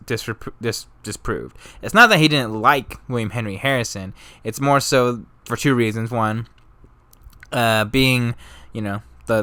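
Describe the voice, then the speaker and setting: A man's voice: on the low side, a bit bright, clear, resonant tone, no room sound. A young man narrating history in a casual, rambling, joking and profane way. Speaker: history vlogger.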